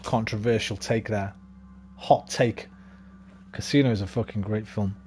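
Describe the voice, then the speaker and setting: A man's voice: fairly low pitch, fairly even intonation, a little slow, darkish tone. A young man rambling casually and swearing freely while streaming a game. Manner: rambling, sweary, laid-back. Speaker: gaming streamer. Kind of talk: casual chat while gaming.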